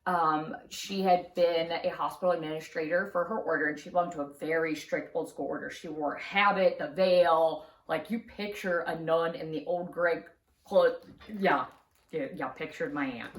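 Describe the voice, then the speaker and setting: A woman telling a true story in a casual storytime vlog, chatty and quick to laugh, recorded in an echoey room. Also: deep voice, recorded from a distance. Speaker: craft channel host. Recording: roomy echo.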